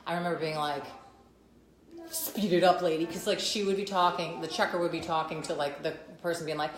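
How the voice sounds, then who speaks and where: A woman's voice: deep voice, fast talker. Chatty Midwestern woman in an echoey room. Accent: northern Illinois, Chicago area. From northern Illinois, USA. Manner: animated, chatty, slips into mock accents. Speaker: host. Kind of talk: casual live-stream chat. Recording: roomy echo.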